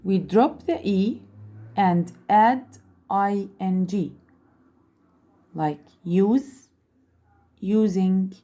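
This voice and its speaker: A woman teaching an English grammar lesson, speaking slowly, repeating words and spelling out letters. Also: medium pitch, mellow. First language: Arabic. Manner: slow, repeats and spells out letters, switches into Arabic to explain.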